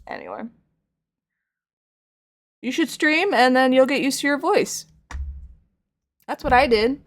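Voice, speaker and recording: A woman's voice: high voice, measured pace. A young woman with a slight lisp chatting casually with her stream audience while painting, rambling and self-deprecating.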